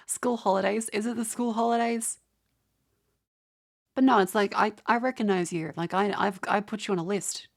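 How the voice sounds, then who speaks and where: A young Australian woman talks casually to her live-stream chat. She rants in an exasperated way and swears freely, with a mid-pitched voice. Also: steady tone, a little slow, pauses often.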